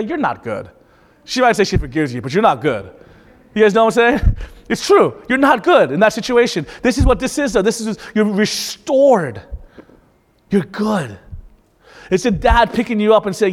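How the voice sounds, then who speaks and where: A man preaching a sermon in a conversational, animated way, often restarting his sentences. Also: high voice, a little fast, big-room sound. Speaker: pastor.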